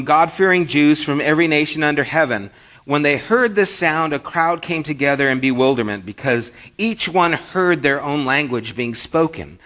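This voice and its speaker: A man's voice: on the high side, fairly bright tone. An American man preaching a sermon in a conversational way, reading scripture aloud and telling funny stories. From United States. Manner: conversational, reads scripture and tells jokes. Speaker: pastor. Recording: dull lo-fi recording.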